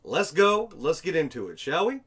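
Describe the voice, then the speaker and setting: A man's voice: a little high, very animated, normal speed, fairly bright tone, slightly rough. A man hosting a commentary video, talking in a sarcastic, exasperated way and swearing now and then. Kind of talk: casual commentary over footage.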